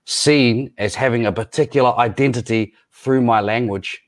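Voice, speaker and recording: A man's voice: medium pitch, normal speed. Earnest New man, reflective. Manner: reflective, earnest, self-correcting. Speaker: panel speaker. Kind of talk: casual discussion.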